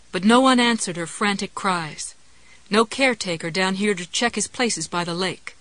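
A woman's voice: medium pitch, a bit bright, no echo, rough recording. Woman narrating a tense novel. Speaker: audiobook narrator. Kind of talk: scripted narration.

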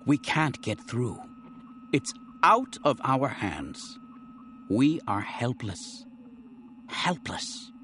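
A man voicing a small, plump male colonel with a thin, fragile voice that turns shrill. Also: very animated, takes it slowly, slight background noise. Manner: nervous, rising to shrill outbursts.

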